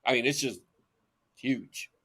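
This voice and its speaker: A man's voice: medium pitch, slow pace, crowd noise. A man co-hosting a commentary show, mocking and crude in a sarcastic way. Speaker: co-host reacting to clips. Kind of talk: casual commentary.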